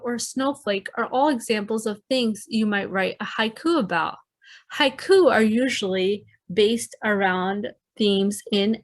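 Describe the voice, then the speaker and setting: Woman teacher, slow and clear, speaking to kids in a recorded lesson. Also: fairly high pitch. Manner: clear, explanatory, addresses children.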